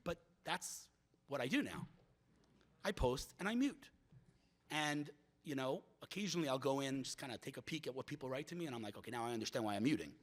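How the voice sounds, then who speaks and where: A middle-aged man giving a speech at a community event, telling stories in an animated way, with frequent restarts and repeated words. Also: medium pitch, brisk, long pauses. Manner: animated storyteller who acts out quoted voices. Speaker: guest speaker.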